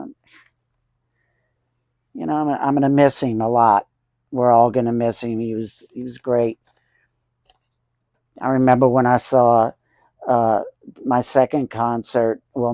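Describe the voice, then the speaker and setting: A man's voice: medium pitch, vocal fry, mellow, no room sound. A man in his sixties telling rambling, chuckling anecdotes as the host of a casual collector vlog.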